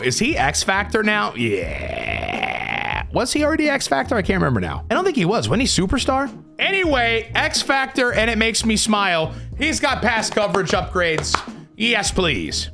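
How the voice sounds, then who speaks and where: A man commentating a football video game from his room, yelling at big plays and muttering in between. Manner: swings from loud hype to low muttering. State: sweaty and tired from long recording. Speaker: gaming YouTuber.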